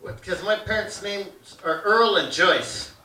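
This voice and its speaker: A man's voice: sits high, slow, bright, forceful tone, recorded from a distance. A man in his fifties, from Hamilton, doing a brash, rambling, crude stand-up routine. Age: 50s. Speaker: stand-up comedian. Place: theater stage, live audience. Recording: roomy live theater audio from afar.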